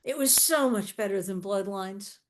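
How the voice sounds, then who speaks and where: A woman's voice: medium pitch, normal speed. A woman talking enthusiastically in a casual fan chat, praising what she loved. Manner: enthusiastic, warm-hearted praise. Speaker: panelist.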